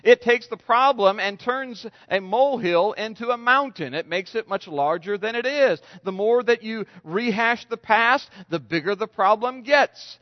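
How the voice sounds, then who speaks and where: A man's voice: high voice, animated, measured pace, few pauses. A man preaching a sermon, telling stories with restarts and acted-out quotes. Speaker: pastor. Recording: dull lo-fi sound with long reverb.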